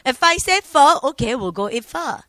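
A woman's voice: high-pitched, animated, normal speed, sharp tone, no echo. A woman co-pastor preaching earnestly, reading scripture aloud and asking for agreement.

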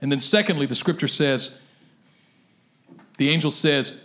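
A man preaches with a high, bright-toned voice. He tells stories in an animated way and leans into his points. His delivery is lively and conversational. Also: a little slow, long pauses. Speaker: pastor. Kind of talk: sermon.

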